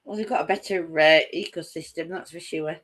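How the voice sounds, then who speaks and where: A woman's voice: deep voice, a little fast. A woman co-hosting a casual live chat stream, playful and jokey, slipping into bits of songs. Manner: playful, jokey, breaks into song lines.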